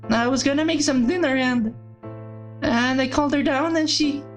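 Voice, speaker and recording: A woman's voice: fairly high pitch, monotone, fast, faint music behind, pitched above the performer's own voice, natural voice. A woman voicing a small teenage girl who stumbles over her words between sobs. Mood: distraught. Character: teenage girl, small and pink-haired, sobbing and panicked.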